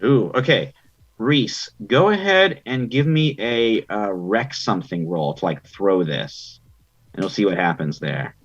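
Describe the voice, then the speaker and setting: A man's voice: on the low side, expressive, a little slow, breathy edge, highs cut off. A man narrating a tabletop game as game master, chatty and loose, with many ums and likes.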